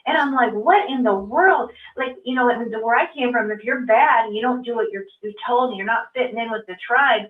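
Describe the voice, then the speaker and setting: A woman co-hosting a call-in show, sharing a personal story in an earnest, halting way with many false starts. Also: on the high side, fairly even intonation. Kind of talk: casual personal testimony. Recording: distant, echoey, phone-like lo-fi sound.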